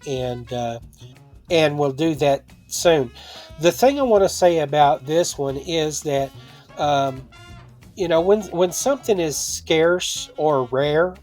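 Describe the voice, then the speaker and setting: A man with a somewhat high speaking voice chats his way through a casual vlog, drifting into personal asides as he goes. Soft guitar music plays quietly behind him. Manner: conversational, rambling with asides. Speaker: online seller and vlogger.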